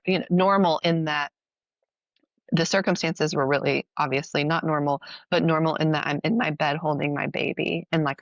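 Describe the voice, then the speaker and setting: A woman in her thirties, a mother and midwife, telling a personal story in an interview in a soft, halting, reflective way. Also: low voice, no room sound, muffled recording.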